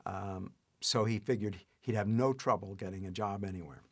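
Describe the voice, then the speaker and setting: An older man telling a family anecdote in a lively way, chuckling as he goes. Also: fairly low pitch, moderate pace. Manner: lively retelling with acted-out quotes and chuckles. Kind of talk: anecdotal storytelling.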